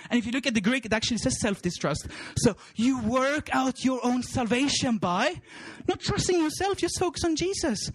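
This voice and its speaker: Very high-voiced exuberant male preacher. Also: expressive, normal speed. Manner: exuberant, laughing often, repeating words, shouting at peaks. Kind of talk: sermon.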